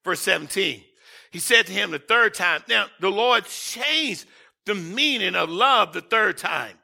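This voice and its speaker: Man preaching, high lively voice, gravelly, bright, slow, shouting then dropping low. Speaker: pastor. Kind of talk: sermon.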